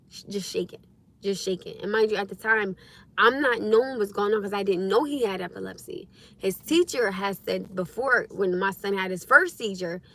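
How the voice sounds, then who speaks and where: A young woman hosting a casual livestream, telling stories to her viewers in a lively, expressive way with frequent laughs. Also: mid-range voice. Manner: animated storytelling, laughs often, acts out her own past speech. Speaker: livestream host.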